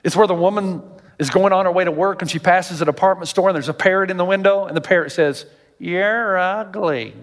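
A man with a high voice preaches to a congregation, in an animated storytelling manner with acted-out quotes. His voice rings with a long hall reverb, as in a big church auditorium. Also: fast. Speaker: pastor. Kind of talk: sermon.

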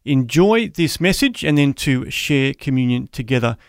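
A man filling in as a Christian radio host, leading into communion with many hesitant pauses. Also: medium pitch, expressive, clear, resonant tone, no room sound, studio quality. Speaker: radio show fill-in host.

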